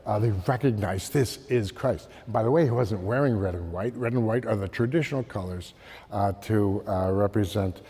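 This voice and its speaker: A man giving an art history slide lecture, halting with many fillers and calling for the next slide. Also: lowish voice, mellow, breathy edge. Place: lecture hall. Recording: long hall reverb.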